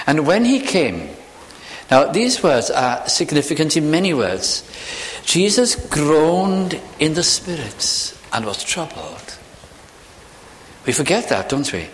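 A man preaching a sermon, telling a Bible story with slow, emphatic pauses and a shifting delivery. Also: mid-range voice, in a large hall, low-quality recording.

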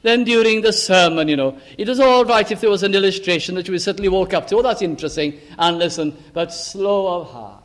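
Older man, preacher, sermon, high-pitched, fervent, emphatic then soft asides, miked. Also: fast talker, few pauses. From Lancashire, England. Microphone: amplified microphone.

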